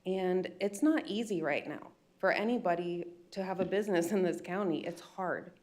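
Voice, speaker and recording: Upset american lady, business owner, pleading her case at a county board meeting, lowish voice. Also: moderate pace, darkish tone. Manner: upset, pleading, retells phone calls. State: emotional. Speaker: business owner speaking at public comment. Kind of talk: public comment at a county meeting.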